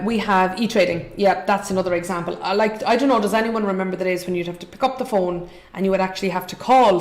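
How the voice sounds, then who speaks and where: A woman's voice: mid-range voice, reverberant. An Irish woman hosting a live investing show, upbeat and chatty as she reads out viewer comments. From Ireland. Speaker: show host.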